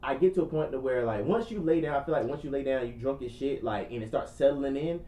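A man's voice: mid-range voice, fast talker, warm tone. A man telling a long, profane story on a casual podcast, acting out every line of dialogue. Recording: echoey room.

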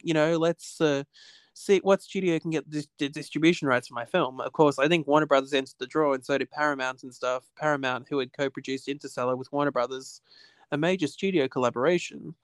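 Man, fairly high smooth voice, rambling casual chat, lots of "basically", dry close sound. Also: brisk, no echo. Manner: rambling, repeats "basically", restarts often. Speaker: podcast guest. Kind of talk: casual conversation. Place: home with cats.

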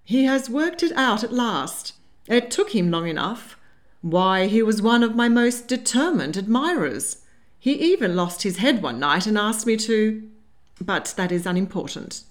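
A woman's voice: medium pitch, big pitch swings, measured pace, pitched above the performer's own voice. A woman voicing a poised, worldly older grandmother who stays dry and unflappable. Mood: amused. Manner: cool, dry, amused.

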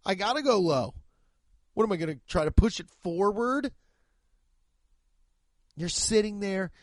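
A man in his thirties delivers a profane, mocking comedy rant as a podcast host. His voice sits a bit high for a man. The recording is close and dry, with no room sound. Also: lively intonation, unhurried, dry recording.

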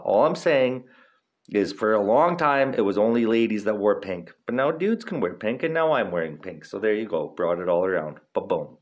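Man, podcast host, casual rambling, swears a lot, slangy, medium pitch. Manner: profane, laid-back, laughing, slangy.

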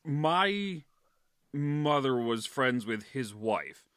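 Bright, hesitant man in casual chat. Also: medium pitch, very animated, very slow, clean tone, no echo, studio quality. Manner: hesitant, laughing, self-deprecating.

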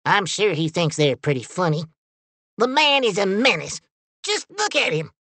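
A man's voice: big pitch swings, normal speed, bright, forceful tone, dry recording, heavily acted. A man voicing Buford, a fussy, indignant male robot Time Ranger, in a storybook reading. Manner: shrill, indignant, scolding. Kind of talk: storybook character voice.

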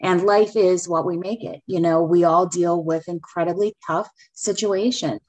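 A woman's voice: on the low side, fairly even intonation, normal speed, darkish tone, poor audio. An older woman hosting a podcast, who raises her granddaughter and answers her guest in an affirming, supportive way. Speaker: podcast host. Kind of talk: podcast interview.

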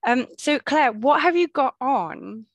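A woman's voice: sits high, lively intonation, slow pace, no room sound. A middle-aged woman hosting a podcast, chatting casually with her guest and often restarting her sentences. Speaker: podcast host. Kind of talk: casual interview chat.

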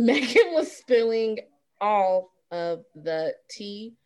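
A woman co-hosting a podcast in casual chat, relaxed and laid-back. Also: mid-range voice, takes it slowly, smooth. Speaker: podcast co-host.

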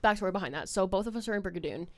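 A woman's voice: medium pitch, animated, racing, a little hiss or hum. A young woman hosting a casual podcast chat, rambling and full of "like"s, swearing freely. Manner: rambling, filler-heavy with many "like"s, swears freely. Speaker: podcast host.

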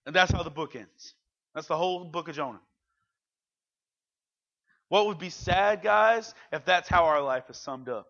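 A man's voice: a little high, a little slow, long pauses, fairly bright tone, highs cut off. A man in his thirties preaching a casual youth sermon, speaking conversationally and animatedly and acting out the quotes. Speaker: youth pastor.

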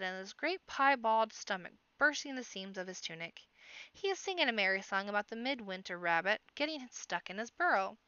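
A woman reading a children's fantasy audiobook aloud, expressive, with occasional slips and restarts. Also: medium pitch, clear, resonant tone, no room sound, muffled recording. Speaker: amateur audiobook reader. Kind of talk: storybook narration.

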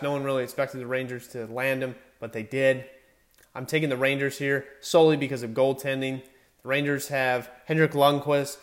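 Young male sports talker, casual and chatty, self-correcting, mid-pitch. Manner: chatty, self-correcting, stumbles over names. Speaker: sports commentator. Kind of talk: casual hockey playoff predictions.

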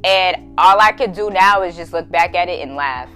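A young adult woman hosting a podcast, telling a story in a casual, profane, slangy way and laughing loudly, with faint music behind her. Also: fairly low pitch, normal speed. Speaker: podcast host.

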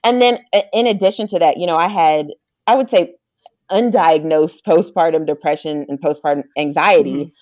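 A young woman chatting as a guest, telling a lively story and acting out quotes in a high voice. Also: moderate pace, no echo, clean studio sound. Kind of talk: casual chat.

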